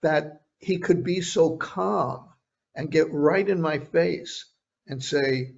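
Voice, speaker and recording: An older man recounts past interviews in a conversational, storytelling way. He often stops and restarts his sentences. His voice sits a bit high, and the audio is dull and lo-fi. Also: gravelly, a little mellow. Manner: halting, with frequent restarts. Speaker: journalist guest recounting interviews.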